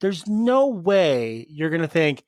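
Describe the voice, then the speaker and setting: Podcast host cracking dirty jokes, super animated voice that swoops around, dry close mic. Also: medium pitch, dry recording. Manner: teasing, bawdy jokes, quick laughs. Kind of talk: casual chat.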